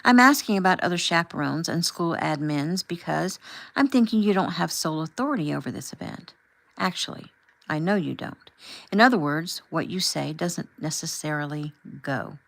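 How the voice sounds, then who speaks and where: A woman voicing a calm, firm husband and father who asks measured, pointed questions as he confronts a chaperone in an audiobook. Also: on the high side, vocal fry, low-quality recording. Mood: firm rebuke.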